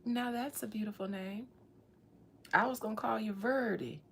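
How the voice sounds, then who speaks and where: A woman's voice: a little high, fairly even intonation, normal speed, a little hiss or hum. A woman doing a spiritual reading, chatting casually with viewers, playful and slangy with laughing asides. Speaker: spiritual reader talking to viewers. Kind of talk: casual livestream chat.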